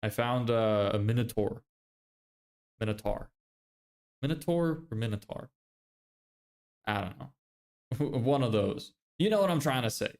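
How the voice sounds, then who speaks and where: A young Irish man with a mid-range voice and lively intonation talks at a moderate pace. He's a livestreamer and agency owner chatting loosely on stream, reading viewer messages, swearing and laughing a lot.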